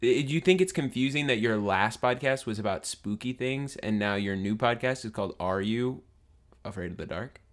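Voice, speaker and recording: A man co-hosting a podcast in casual chat, teasing and joking with a deadpan manner. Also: lowish voice, moderate pace. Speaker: podcast co-host.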